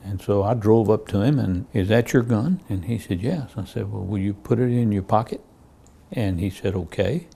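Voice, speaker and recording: A man's voice: fairly low pitch, normal speed, creaky, mellow, slightly rough. A man, a police officer, recounting cases in a true-crime interview and acting out the dialogue as he tells it. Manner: plain storytelling, acts out quoted dialogue.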